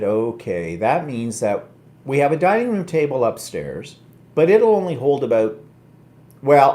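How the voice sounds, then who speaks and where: A man's voice: mid-range voice, a little mellow. A middle-aged man with a Canadian accent, hosting a casual, rambling live chat with a self-mocking humor. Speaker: host.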